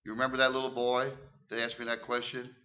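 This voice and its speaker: An older man preaching his testimony in church, emphatic and folksy, repeating words and swinging from hushed tones to loud shouts. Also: mid-range voice, completely flat delivery, fast talker. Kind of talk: sermon testimony. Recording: muffled lo-fi recording.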